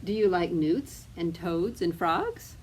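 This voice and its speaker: A woman reading aloud as a chatty, curious male mouse from a picture book, in a slow, sing-song questioning way. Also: lowish voice, lively intonation, darkish tone, slight background noise. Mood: asking.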